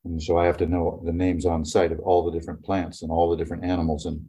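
A man's voice: sits low, little pitch movement, quick pace, mellow. An older retired man telling long personal stories in a rambling, casual way, full of fillers. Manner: rambling, many "you know" fillers. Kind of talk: casual reflective storytelling.

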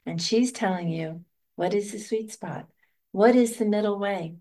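An older woman teaching meditation, answering a student with a gentle, reflective calm. Her voice sits at an ordinary middle pitch and she laughs easily between thoughts. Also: unhurried. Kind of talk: dharma talk answering questions.

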